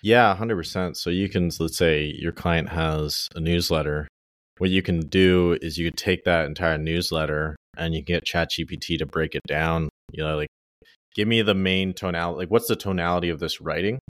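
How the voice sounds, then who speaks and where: A young man with a low voice explains his working methods in an easygoing, loosely phrased way. His sound is dry and close, with no room echo. The tone is casual interview talk. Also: fairly even intonation, normal speed, a bit bright. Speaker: ghostwriter guest.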